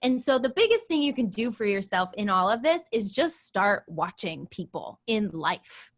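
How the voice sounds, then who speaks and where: A woman teaching an acting class in a chatty, animated way, acting out lines as she explains. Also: mid-range voice, moderate pace. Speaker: acting coach.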